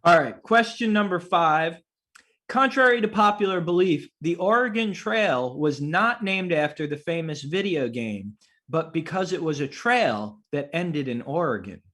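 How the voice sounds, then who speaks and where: A man's voice: fairly high pitch, expressive, a little slow, a bit bright. A man hosting a casual trivia quiz, reading out questions and laughing along with the players. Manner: amused, laughs often while reading.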